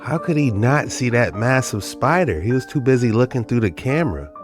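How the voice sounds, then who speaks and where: A man's voice: mid-range voice, animated, brisk, music in the background. A man hosting a casual commentary on viral clips, talking in a laid-back, slangy, rambling way. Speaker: host.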